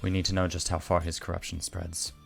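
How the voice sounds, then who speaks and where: A stern middle-aged councilwoman, as a man puts her on, speaks in measured, commanding tones. The voice sits low. Faint music plays behind her. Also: completely flat delivery, gravelly.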